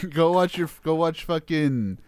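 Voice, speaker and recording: A man's voice: fairly high pitch, darkish tone, no room sound. A man hosting a podcast in casual chat, swearing freely and laughing easily as he talks. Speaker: podcast host.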